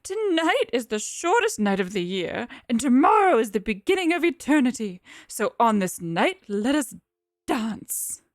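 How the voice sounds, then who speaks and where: A woman voicing a grieving older village matriarch with a slow, grave delivery while reading a board game story aloud. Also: a little high, very animated, no room sound, studio quality. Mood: solemn.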